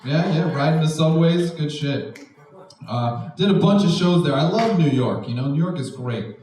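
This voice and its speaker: A young man doing a stand-up comedy set, animated, often jumping into high mocking voices for the people he quotes. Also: normal speed. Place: art house venue with live audience. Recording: echoey room, distant mic, faint noise. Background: audience laughter.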